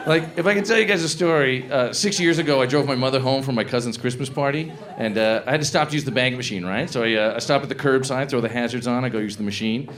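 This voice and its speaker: A man performing a stand-up comedy set, telling a story with animated delivery that rises to shouts. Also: medium pitch.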